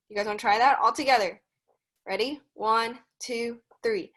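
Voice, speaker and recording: A woman presenting a read-along for young children over a video call, reading a picture book aloud slowly and carefully, with encouraging asides to the kids. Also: on the high side, fairly bright tone.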